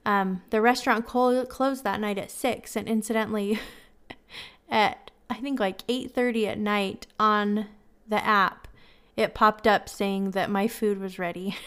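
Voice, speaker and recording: A woman's voice: medium pitch, steady tone, unhurried, fairly bright tone, clear, resonant tone. A woman hosting a podcast, telling a candid, self-deprecating story in a casual, chatty way and giving friendly advice. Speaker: podcast host.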